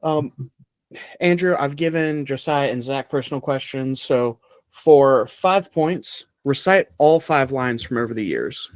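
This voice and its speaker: A man's voice: mid-range voice, a little slow, dry recording. A man hosting a casual podcast game show, playful and laughing often between rules.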